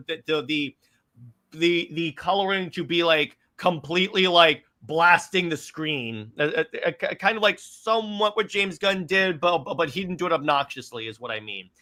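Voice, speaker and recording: Bright, eager man hosting a film chat. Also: on the high side, moderate pace. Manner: eager, recaps scenes with frequent stammered restarts. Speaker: podcast host. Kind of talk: casual movie discussion.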